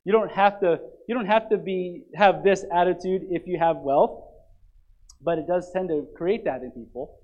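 A man preaches from the pulpit of a church, his voice sitting notably high. He talks in an animated, emphatic way and often restarts his sentences mid-thought. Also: moderate pace, highs cut off. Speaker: pastor. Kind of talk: sermon.

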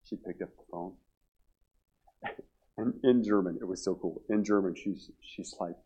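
A middle-aged male pastor preaches a revival sermon at a church service, telling a story that he keeps restarting. His voice sits low and husky, at a normal speed with frequent pauses. The recording sounds dull and lo-fi.

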